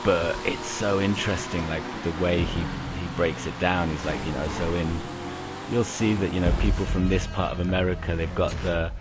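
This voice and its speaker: Low-voiced man chatting over noisy voice chat. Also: steady tone, moderate pace. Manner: rambling, enthusiastic about accents. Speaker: racing game player. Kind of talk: casual chat while gaming.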